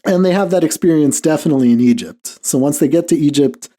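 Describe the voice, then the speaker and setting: A man's voice: on the high side, quick pace, warm tone. A man hosting a podcast, telling a story in loose casual chat, full of "like" fillers and small chuckles. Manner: rambling, heavy on "like" fillers, chuckles often. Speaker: podcast host.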